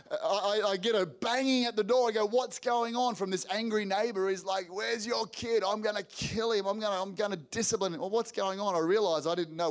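A middle-aged man preaching to a church congregation, telling lively family stories with quick restarts and acted-out quotes. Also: sits high, smooth. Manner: energetic storytelling with rapid restarts and acted-out quotes. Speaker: pastor. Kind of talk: sermon storytelling. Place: church hall before a congregation.

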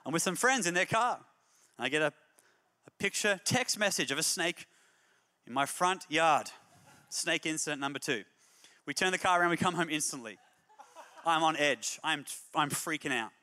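A man preaching a humorous, energetic sermon as a pastor, moving between jokey stories and emphatic exhortation. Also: a little high, moderate pace, pauses often, big-room sound. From Australia. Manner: animated storyteller, jokey then emphatic and exhorting.

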